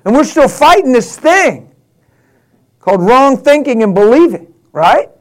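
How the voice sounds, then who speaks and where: A man preaching a sermon, rising to passionate, laughing exclamations and dropping to a hushed prayerful tone. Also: very high-pitched, big pitch swings, measured pace. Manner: drops to a hushed prayerful tone near the end.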